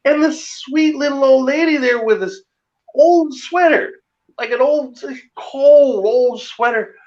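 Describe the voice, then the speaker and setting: A man telling a ghost story in a casual, animated way, laughing often. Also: very high voice, takes it slowly, dull audio. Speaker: guest.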